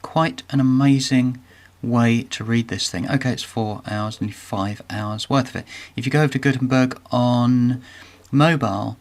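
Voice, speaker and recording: A man's voice: medium pitch, fairly even intonation, normal speed. A middle-aged man hosting a casual screen-share walkthrough, talking chattily and with enthusiasm, with frequent ums and restarts. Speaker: video host.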